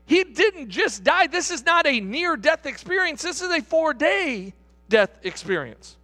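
A male pastor preaching in a lively, sing-song way, his fairly high voice leaping up and down. He restarts phrases and keeps checking in with the congregation. The sound carries a long hall reverb. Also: unhurried. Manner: animated preaching with repeated restarts and rhetorical asides. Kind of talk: sermon.

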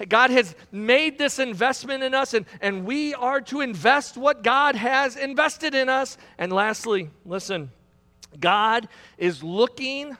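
Man, pastor, high voice, sermon, emphatic build-ups, long hall reverb. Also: bright, forceful tone. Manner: preaching with rising emphatic build-ups and repetition. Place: church sanctuary.

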